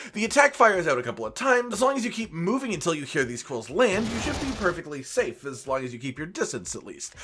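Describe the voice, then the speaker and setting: A man's voice: high voice, fairly bright tone, husky. A young man narrating a scripted game guide as host, with playful, sarcastic asides. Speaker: gaming channel host.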